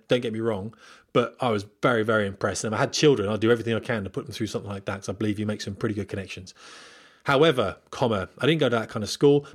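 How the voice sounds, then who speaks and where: A man talks casually into a camera at home for his podcast. He rambles and digresses, turns aside to address the viewers directly, and speaks in a voice of ordinary pitch. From Britain. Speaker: podcast host and former pilot.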